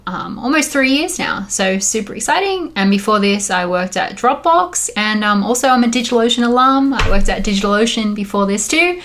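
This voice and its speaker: A woman's voice: medium pitch, gravelly, fairly bright tone. A woman in her thirties with an Australian accent, giving a chatty, upbeat conference talk as an engineer, with frequent ums along the way. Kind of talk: conference presentation.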